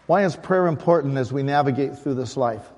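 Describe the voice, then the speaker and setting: A man's voice: medium pitch, brisk, a little mellow. A man preaching a sermon as pastor, in a conversational way, often asking the congregation questions. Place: church sanctuary. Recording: long hall reverb.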